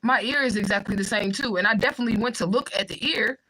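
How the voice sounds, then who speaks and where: A young woman hosting a livestream, talking fast and bluntly with swearing while she reads out viewer comments. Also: on the high side, bright, forceful tone, rough recording. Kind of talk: fast casual livestream talk.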